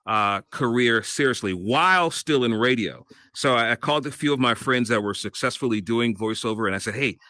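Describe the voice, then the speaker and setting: Bright-voiced man telling his story. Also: medium pitch, no room sound. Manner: animated storyteller, laughs often. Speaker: guest, radio host and voiceover artist. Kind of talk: casual interview storytelling.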